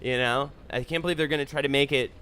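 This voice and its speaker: A man streaming a video game, chatting casually, swearing freely and reacting loudly to the gameplay. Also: mid-range voice, steady tone, fast, smooth. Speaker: Twitch streamer.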